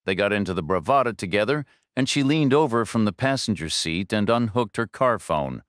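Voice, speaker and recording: A man narrating a thriller audiobook in a steady, measured way, close to the mic. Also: fairly low pitch, no room sound.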